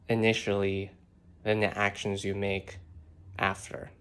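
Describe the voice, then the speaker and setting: Speaking at normal speed in a lowish voice with vocal fry and little pitch movement, a congested, throaty young man muses aloud for a phone-recorded vlog. His reflective talk meanders with fillers as he goes from lying on his side to standing.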